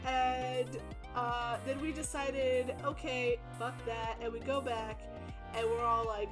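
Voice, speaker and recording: Young woman, high voice, profane giggly game recap, light music bed. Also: level tone, takes it slowly. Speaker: player recapping a tabletop game. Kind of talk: casual chat.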